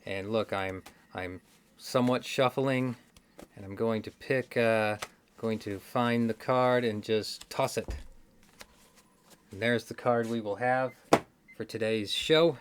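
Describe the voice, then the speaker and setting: A man's voice: mid-range voice, slow pace, long pauses, slight background noise. A man with a Midwestern accent hosting a casual trivia video, rambling and correcting himself with wry asides. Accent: Midwestern American. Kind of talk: casual solo chat to camera. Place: indoors, card game stack behind him.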